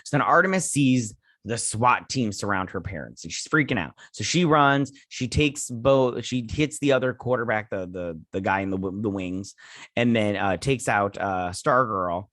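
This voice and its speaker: A man hosting a show, chatting casually as he recaps and reviews a TV episode and slips into quick voices for the characters. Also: fairly low pitch, lively intonation, a bit bright, dry recording, studio quality. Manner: retells scenes with quick offhand impressions; chatty with frequent fillers. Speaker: show host.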